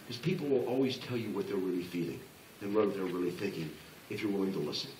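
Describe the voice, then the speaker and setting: Animated male business speaker, echoey room. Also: deep voice, quick pace, far from the mic, a little hiss or hum. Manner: animated, repeats and restarts, acts out people's replies. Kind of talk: motivational presentation to an audience. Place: large room before a live audience.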